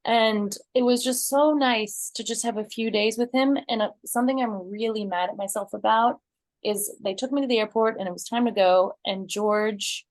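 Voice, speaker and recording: A woman's voice: fairly high pitch, normal speed, no room sound. A woman from Northern California, a guest in a casual conversation, telling earnest, rambling personal stories.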